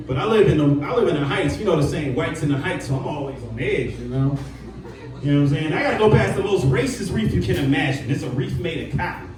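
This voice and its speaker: Brief: stand-up comic from Detroit, lively high-pitched voice, echoey live club with a laughing crowd. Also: male voice. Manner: loose, conversational delivery with frequent "man" and "you know". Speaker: stand-up comedian. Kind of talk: stand-up set. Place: comedy club stage with a live audience. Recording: roomy live club sound, audience laughter, from far off.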